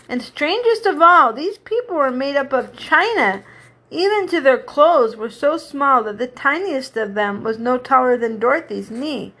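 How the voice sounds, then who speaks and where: A woman's voice: fairly high pitch, bright, forceful tone. A woman reading a children's story aloud, unpolished, going back to fix slips and restart lines. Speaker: reader.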